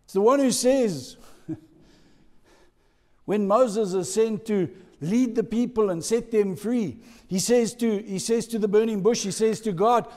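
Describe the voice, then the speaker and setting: A man delivers a sermon at an unhurried pace, his voice mellow and somewhat high. He moves between hushed, drawn-out phrases and loud emphatic lines. The sound carries the long reverb of a church hall. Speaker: pastor.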